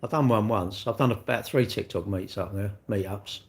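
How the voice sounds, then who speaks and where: A man's voice: fairly low pitch, moderate pace, darkish tone. An older man, chatting casually on a live stream, blunt and teasing as he answers comments. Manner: blunt, teasing banter with chat. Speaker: livestreamer.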